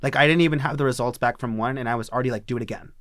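A man in his twenties candidly telling a personal story on a talk show, profane and animated. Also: mid-range voice, racing, dry recording, studio quality.

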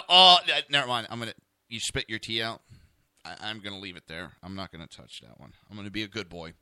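A man's voice: medium pitch, expressive, normal speed, pushed and bright, clear, resonant tone, no room sound, clean studio sound. A man with a New Jersey accent hosting a talk radio show, ranting bluntly and cursing freely. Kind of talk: opinionated talk radio rant.

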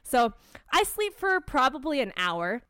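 A woman's voice: high voice, a little slow, smooth, no room sound, studio quality. A young woman telling an annoyed story in casual chat, swearing freely. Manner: swears a lot, animated storytelling.

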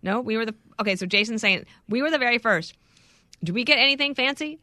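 A woman co-hosting a podcast, chatting casually with quick jokes and asides. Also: a little high, animated, pushed and bright, no room sound, studio quality. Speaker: podcast co-host. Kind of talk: casual chat.

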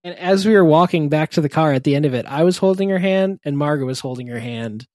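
A man and parent chatting casually, telling funny anecdotes in halting bursts, laughing often and breaking off mid-sentence. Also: a little high, a little mellow, no echo, clean studio sound. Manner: chuckling, halting, self-interrupting anecdotes. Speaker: podcast co-host, parent. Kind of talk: casual chat, storytelling.

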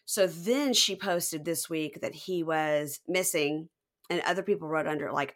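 A woman podcast host casually recapping a reality show, telling it in an animated way and slipping into impressions. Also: sits low, moderate pace. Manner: animated storyteller who slips into impressions.

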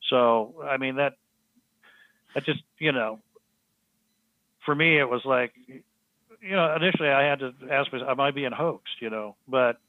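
A man telling a story as a podcast guest, halting with frequent restarts and fillers. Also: medium pitch, no room sound. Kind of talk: storytelling in casual conversation. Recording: tinny phone-line sound, dry.

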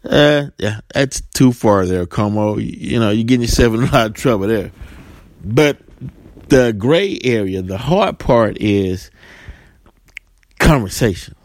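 Animated and at a measured pace, a man with a lowish voice speaks casually to camera on a dry recording. He tells stories by acting out little scenes in different voices, uses rhetorical "right?" to make points, and has some fillers and repeated words.

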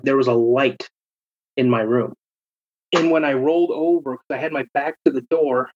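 Husky-voiced man telling an earnest story. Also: medium pitch, no echo, dull audio. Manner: earnest, halting, repeats words. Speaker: podcast guest. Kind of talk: emotional storytelling.

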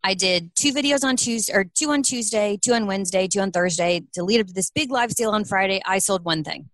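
A middle-aged woman who runs a small clothing business answers interview questions earnestly, acting out quoted dialogue along the way. Her medium-pitched voice is brisk, and the recording has no echo.

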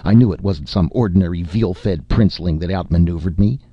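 Rumbling, gravelly barbarian warlord voiced by a male narrator, gruff but kindly; dull lo-fi audiobook sound. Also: a little fast, dry recording. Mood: gently gruff. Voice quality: deep rumbling voice. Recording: dull lo-fi recording.

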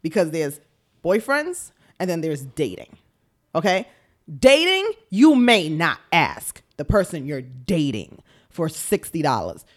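A woman's voice: sits low, huge pitch swings, slow pace. A frank woman talking in casual banter as a podcast co-host, swearing freely and laughing often.

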